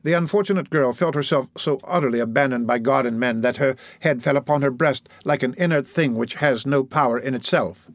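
A man narrating a classic novel as an audiobook, in measured, dramatic storytelling. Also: mid-range voice, no room sound.

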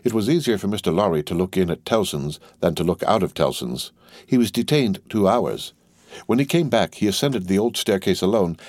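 A man with a low, deep voice reads a classic novel aloud in a measured, steady way. His narration is calm and even. The recording is dry and close, with no room sound. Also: no echo. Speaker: audiobook narrator. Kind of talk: scripted narration.

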